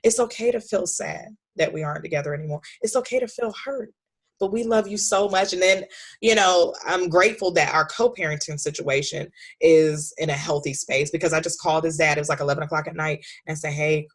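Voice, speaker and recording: A woman in her thirties, a podcast guest, talking candidly about raising her son, animated and leaping high when she quotes him. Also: a little fast, breathy edge. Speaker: podcast guest, author and speaker. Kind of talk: candid conversational storytelling.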